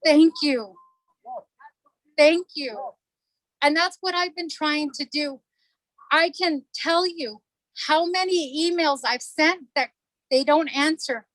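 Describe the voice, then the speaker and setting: Woman, middle-aged, council delegate, community meeting talk, earnest, emotional, repeats points, high voice, dry sound. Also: takes it slowly, long pauses, fairly bright tone, dry recording, low-quality recording.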